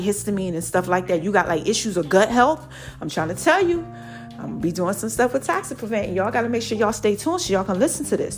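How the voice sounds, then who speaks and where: A woman talks into her home podcast mic in a high, bright voice, her nose a little stuffy. She preaches motivation and faith in slangy, drawn-out phrases. Soft music plays faintly behind her. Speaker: podcast host. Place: at home, new house.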